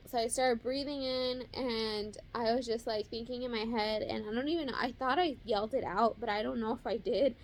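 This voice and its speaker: A woman's voice: on the high side, steady tone, slight background noise. A young woman vlogger telling the story of her son's birth in a casual, emotional way, full of fillers. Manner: emotional, fast-paced retelling with many fillers.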